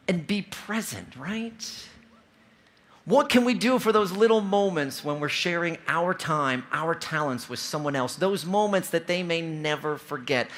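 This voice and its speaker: A man in his forties gives an energetic keynote from a convention stage. His voice sits high for a man, and his pitch swings widely as he tells his stories. His tone is bright and forceful as he pulls the audience in. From Ohio. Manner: energetic, storytelling, audience-engaging. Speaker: keynote speaker. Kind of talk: motivational keynote speech. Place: large convention hall stage.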